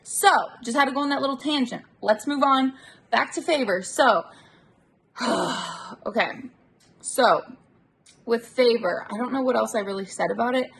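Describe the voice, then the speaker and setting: A woman's voice: fairly high pitch, normal speed, creaky, long pauses, fairly bright tone, slightly rough. A woman vlogging from inside her car on a handheld phone, chatting casually and venting her irritation, swearing freely. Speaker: delivery-driver vlogger. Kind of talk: casual chat to camera. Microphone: handheld phone camera.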